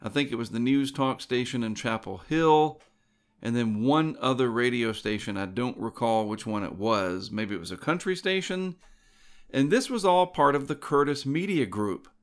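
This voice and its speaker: A man's voice: mid-range voice, moderate pace. A middle-aged man who hosts a show, casually telling a personal story in a digressive way that keeps correcting itself. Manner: rambling and digressive, self-correcting.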